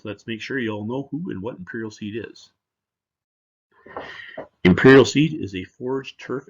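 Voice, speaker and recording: A man's voice: fairly low pitch, vocal fry, slightly rough, lo-fi sound. A man presenting at a seminar as a seed company representative, talking in a conversational, joking way. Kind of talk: conference presentation.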